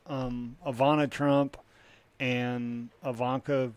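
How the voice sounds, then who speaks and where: A man's voice: medium pitch, flat delivery, drawn-out words, no room sound. A man co-hosting a casual comedy podcast, rambling with lots of restarts and fillers and swearing freely. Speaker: podcast co-host.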